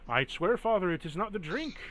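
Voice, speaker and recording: A sheepish young son, as a game master puts him on. He whines and dodges the question, with a lively, raised pitch. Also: fairly quick, slight background noise. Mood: whiny.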